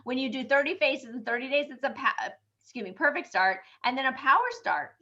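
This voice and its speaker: Upbeat hoarse woman director rallying a sales team, high and bright, muffled call audio. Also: brisk. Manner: upbeat and encouraging. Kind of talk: team meeting presentation.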